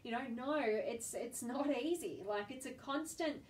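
A woman's voice: fairly high pitch, unhurried, a little mellow, recorded from a distance, slight background noise, low-quality recording. A woman in her thirties hosting a live stream, enthusiastically greeting viewers by name and telling a personal story. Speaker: host.

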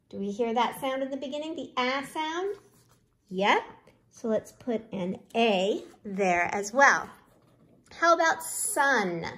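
A woman teaching a phonics lesson to young children, sounding out letters slowly and encouragingly. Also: fairly high pitch.

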